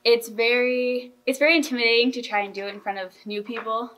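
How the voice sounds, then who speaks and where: A woman's voice: on the high side, fairly even intonation, fast talker, fairly bright tone, a little hiss or hum, low-quality recording. A teenage girl hosting a school team podcast in casual chat, earnest and enthusiastic, often restarting her sentences. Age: teens. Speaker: podcast host.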